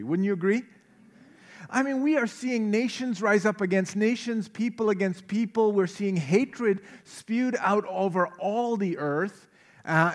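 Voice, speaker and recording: A middle-aged man preaching a sermon as pastor, conversational, with humorous asides and frequent fillers. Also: sits high.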